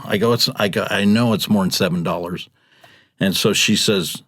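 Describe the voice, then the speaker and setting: A man's voice: lowish voice, animated, normal speed, fairly bright tone, no echo, clean studio sound. A middle-aged man telling a rideshare story in casual chat, acting out passengers' lines as he goes. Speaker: podcast guest, rideshare driver.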